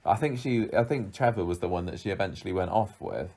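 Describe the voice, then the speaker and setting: A man with a very low voice chats casually as a co-host. He rambles, restarts his sentences and talks things through at length. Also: quick pace, a little mellow. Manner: chatty, rambling, frequent restarts and laughs. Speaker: podcast co-host. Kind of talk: casual chat rating soap characters.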